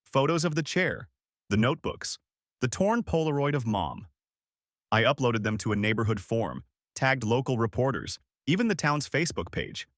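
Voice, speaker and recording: Man, scripted story narration, expressive, lively intonation, dry voice. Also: mid-range voice, normal speed, no room sound.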